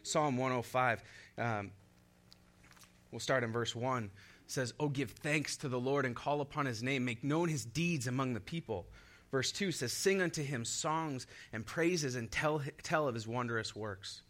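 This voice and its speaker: A man's voice: mid-range voice, unhurried, a bit bright. A young man preaching a sermon in an upbeat way, laughing often and leading the congregation in call-and-response. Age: young adult.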